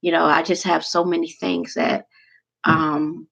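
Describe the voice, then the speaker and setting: A woman's voice: lowish voice, flat delivery, measured pace, vocal fry, a bit bright, dull audio. A woman vlogger chatting casually and emotionally to her viewers, rambling from one thing to the next.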